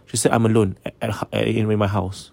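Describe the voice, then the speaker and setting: A man narrates an eerie tale in a relaxed, conversational way. He slips between English and Malay and keeps checking that his listeners are following. His voice sits on the low side and sounds dry and close. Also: a little fast, gravelly, no echo. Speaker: storyteller. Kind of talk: casual spoken ghost story.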